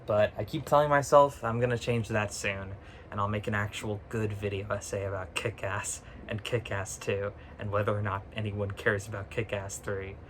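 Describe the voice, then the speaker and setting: A man's voice: fairly low pitch, flat delivery, normal speed. Man, casual vlog rant, sarcastic, swears a lot, laughs mid-sentence, phone mic, faint background noise. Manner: ranting, sarcastic, swears freely. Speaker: vlogger. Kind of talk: casual chat.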